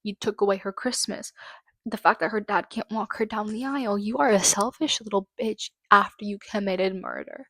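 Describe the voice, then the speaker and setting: A woman hosting her own channel, reading out trial quotes haltingly and breaking into angry, swearing commentary. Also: medium pitch, a bit bright, no echo. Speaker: channel host. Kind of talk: true-crime commentary.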